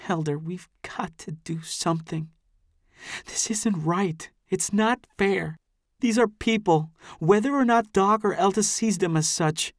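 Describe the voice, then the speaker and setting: A man's voice: high voice, no echo, clean studio sound, pitched above the performer's own voice. A man voicing a distraught, tearful teenage girl who pleads and chokes up.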